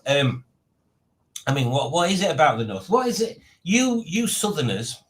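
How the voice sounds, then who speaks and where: A man hosting a live stream, chatting casually, rambling and joking as he reads out viewer comments. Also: a little high. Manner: rambling, jokey, reads chat aloud.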